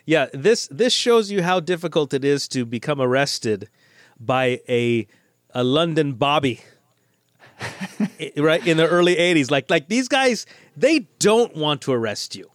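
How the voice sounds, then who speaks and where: A middle-aged American man co-hosting a casual movie podcast, chatty and animated, often restarting his sentences. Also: fairly high pitch, a little slow, no echo, clean studio sound. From United States. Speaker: podcast co-host.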